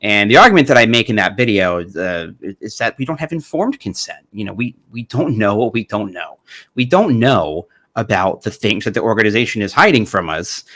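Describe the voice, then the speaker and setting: A man in his thirties with a fairly low voice, talking through a casual commentary vlog. He is sarcastic and profane and laughs often as he talks. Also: animated, fairly quick, fairly bright tone. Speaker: channel host.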